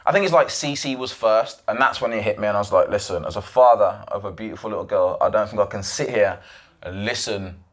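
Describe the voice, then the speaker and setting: A man's voice: lowish voice, fast talker. A young man hosting his own podcast, retelling events at length in an emphatic, rambling way with frequent restarts and asides. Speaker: podcast host. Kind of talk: solo podcast monologue.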